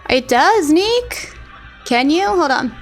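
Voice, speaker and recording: A woman with a high voice talks loosely and casually, greeting her viewers one by one as she chats. Faint music plays under her voice. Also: very animated, takes it slowly. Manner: chatty, greets viewers by name. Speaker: live streamer.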